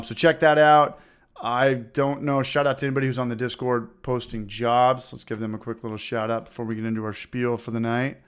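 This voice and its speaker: A man with a clean, mid-range voice hosts a casual homebrewing livestream, reading out viewer comments. He is loose and profane, repeats phrases, gives shout-outs and now and then fights off a smoker's cough.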